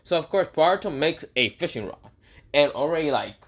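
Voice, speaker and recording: A man's voice: a little high, animated, brisk. A young man casually retelling an imagined fan story, rambling with many fillers and self-corrections.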